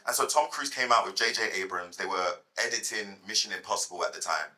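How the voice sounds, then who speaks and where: A man in his thirties, a guest at a fireside chat, telling lively anecdotes to a live audience and repeating words as he goes. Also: on the low side, fast, low-quality recording.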